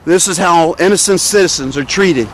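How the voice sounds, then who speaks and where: A man's voice: high voice, normal speed, slight background noise. A man protesting and filming police officers by a roadside, indignant and sarcastic, lecturing them as he goes. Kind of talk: confrontational street recording. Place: outdoors beside a road.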